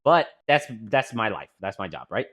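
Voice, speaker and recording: A young man co-hosting a casual podcast, telling stories with a lot of swearing and rising to loud, laughing outbursts. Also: lowish voice, very animated, normal speed. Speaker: podcast co-host. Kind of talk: casual storytelling chat.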